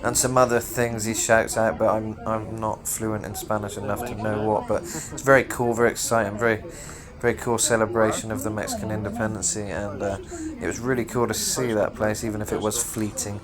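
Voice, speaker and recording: British man, low-pitched, casual travel vlog chatter, swears a lot, busy city crowd behind. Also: level tone, fairly quick, hardly any pauses. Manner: chatty, rambling, swears freely. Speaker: travel vlogger. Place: outdoors in a busy city, on an open-top tour bus.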